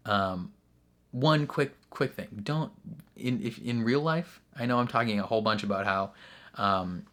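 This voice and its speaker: A man's voice: medium pitch, measured pace, a bit bright. A young man hosting a reaction video, talking casually and earnestly about a show's finale, with laughs and fillers along the way. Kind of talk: casual post-episode discussion.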